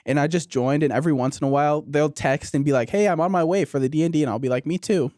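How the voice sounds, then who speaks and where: A young man co-hosting a casual podcast in a studio, speaking haltingly with many fillers and restarts. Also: on the high side, a little mellow, dry recording. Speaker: podcast co-host.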